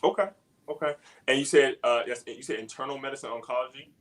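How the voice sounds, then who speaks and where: A man's voice: medium pitch, fairly even intonation, fast talker, a bit bright, low-quality recording. A man hosting an interview show, asking questions in a hesitant, restarting way. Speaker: podcast host.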